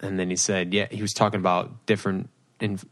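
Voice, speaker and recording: A man's voice: low voice, level tone, brisk, fairly bright tone. A young man with a Rhode Island accent, co-hosting a podcast in casual chat, rambling with lots of fillers. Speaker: podcast co-host.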